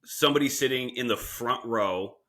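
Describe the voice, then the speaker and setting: A man's voice: mid-range voice, moderate pace, sharp tone. A man hosting a podcast, laid-back, laughing easily and swearing casually. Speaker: podcast host.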